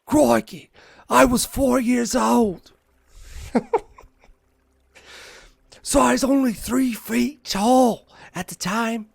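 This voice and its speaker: A man's voice: very high voice, steady tone, drawn-out words, vocal fry, long pauses, husky, no echo, voice pushed up, exaggerated voice. A man putting on an exaggerated Australian accent, playing a cheery outdoorsy showman while reading a story aloud, drawn out and boisterous. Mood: hammy. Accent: Australian, put on.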